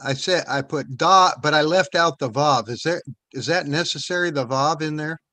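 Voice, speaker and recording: A male student on a video call, talking loosely and thinking aloud as he goes. His voice sits a little high for a man, and the sound is dry and close. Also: moderate pace, bright, forceful tone, no room sound. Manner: chatty, thinks aloud with fillers. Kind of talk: casual class discussion.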